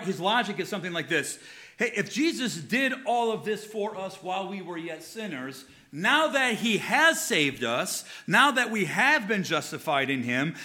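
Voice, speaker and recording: A male pastor preaching a sermon with passion. He climbs to fervent, emphatic peaks and then sinks into low, earnest stretches. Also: sharp tone.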